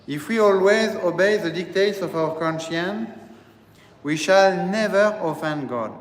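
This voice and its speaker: A man who serves as a priest, delivering a slow, deliberate teaching sermon and repeating phrases as he explains. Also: high-pitched. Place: church. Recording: echoey church hall, faint ambience.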